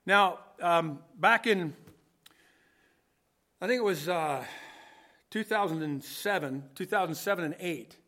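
A man with a high, bright voice preaches a sermon in a loose, conversational way. He thinks out loud, circles back and restarts his sentences as he explains scripture. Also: takes it slowly, long pauses.

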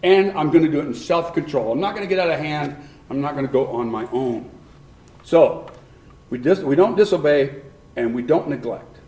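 A man's voice: on the high side, moderate pace, warm tone. A man preaching a sermon who keeps questioning his congregation and repeats points for emphasis. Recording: echoey room.

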